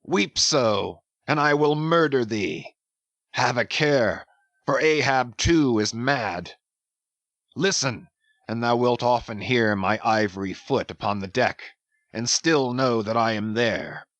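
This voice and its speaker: A man's voice: mid-range voice, slow pace, fairly bright tone, no echo, lo-fi sound. A man playing a grim, obsessed old one-legged sea captain, speaking sternly in archaic words. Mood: solemn. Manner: solemn, stern, archaic speech. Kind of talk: dramatic audiobook reading.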